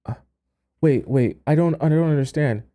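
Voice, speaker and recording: A man's voice: a little high, moderate pace, mellow. A man hosting a dating-advice live stream, reading a letter aloud and stammering in disbelief, trailing off into mutters. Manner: stammering, incredulous, dropping to mutters and breaking into laughter.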